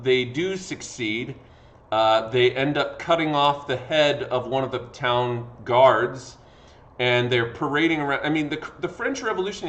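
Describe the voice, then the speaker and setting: A man's voice: mid-range voice, fairly bright tone. Man, history teacher, tired, casual lecture, fillers, acted-out quotes, video lesson mic. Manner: conversational, acts out quotes with fillers. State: tired from talking. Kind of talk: classroom lecture.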